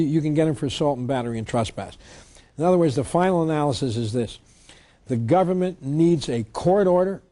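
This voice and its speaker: Man, public lecture, emphatic, fairly high voice, mellow warm tone. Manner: emphatic, reads statutes aloud. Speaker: lecturer on tax law.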